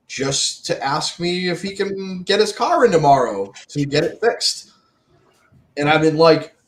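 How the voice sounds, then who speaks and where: A man telling a story in a laid-back way during a casual chat. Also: mid-range voice. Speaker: co-host. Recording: echoey room.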